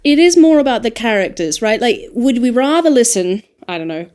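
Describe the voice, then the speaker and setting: A woman with an Australian accent, an audiobook narrator talking through her craft in a casual, animated podcast discussion. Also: fairly high pitch, a little fast. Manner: animated, reflective, frequent laughs and fillers.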